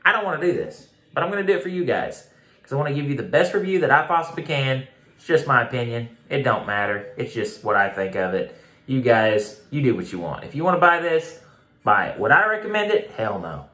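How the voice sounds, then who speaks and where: A man's voice: mid-range voice, very animated, brisk, pushed and bright. A man giving a blunt, casual beer review, repeating himself for emphasis and swearing now and then. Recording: echoey room.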